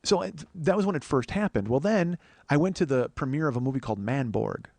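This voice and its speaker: A male comedian rambles through a long personal story at a quick clip, swearing freely and laughing at himself. The sound is close and dry, with no room around it. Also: medium pitch, lively intonation, gravelly, a little mellow, no room sound. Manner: profane, self-deprecating, rambling with restarts. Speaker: comedian and podcast host. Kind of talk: casual solo storytelling.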